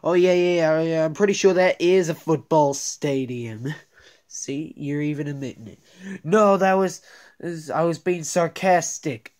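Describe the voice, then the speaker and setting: A performer improvising a crude toy-puppet comedy skit, switching between many squeaky and gruff character voices. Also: a little slow, a little mellow. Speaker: toy puppet show creator voicing every character.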